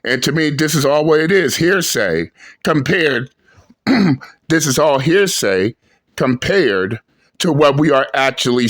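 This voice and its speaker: A man hosting a reaction video, talking slowly and emphatically in a profane, ranting commentary. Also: medium pitch, a bit bright. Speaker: channel host reacting to clips.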